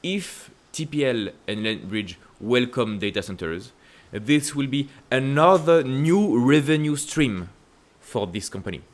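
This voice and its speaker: A man's voice: expressive, a little slow, few pauses. French-accented man talking stocks. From France. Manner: emphatic, repetitive rhetorical questions with sudden upward pitch leaps. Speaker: investing channel host. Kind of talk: casual stock-market commentary to camera.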